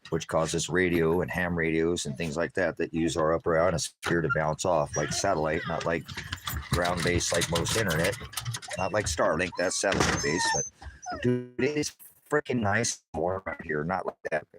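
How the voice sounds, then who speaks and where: Deep-voiced man rambling through his garden. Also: expressive, moderate pace, heavy background noise. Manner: rambling, talks baby-talk to his cats. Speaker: ministry vlogger. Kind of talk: casual outdoor vlog. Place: outdoors in a garden.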